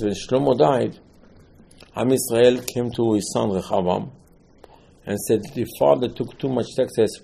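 A man's voice: medium pitch, vocal fry, dark tone, husky. A man giving a sermon on scripture, telling the stories with animation, acting out the quotes and repeating key words for emphasis. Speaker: religious teacher.

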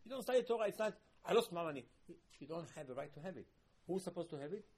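A man delivers a sermon in a husky, rather high voice. He tells his stories with lively swings, doubling up phrases and breaking into loud emphatic bursts. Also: very fast. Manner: animated storytelling with emphatic repeats and loud bursts. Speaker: rabbi teaching.

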